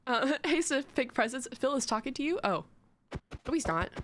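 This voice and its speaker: A woman's voice: high voice, big pitch swings, normal speed, noisy background. A young woman streaming live, chatting in a rambling, giggly, self-mocking way to her chat.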